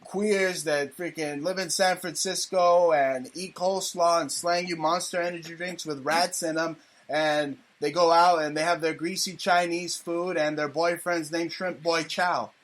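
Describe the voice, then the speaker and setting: A man's voice: a little high, steady tone, a little slow. A male talk show host delivering a crude, mocking political rant. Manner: loud, profane, mocking.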